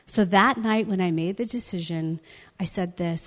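A woman's voice: lowish voice, normal speed, big-room sound. A woman giving a personal testimony sermon as a guest speaker, telling her story in an earnest, conversational way.

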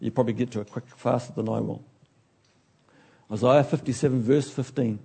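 A man preaching a sermon in an animated way, acting out the figures he talks about and now and then losing his place. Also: medium pitch, brisk, creaky, slightly rough. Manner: animated, acts out biblical figures, loses his place and laughs.

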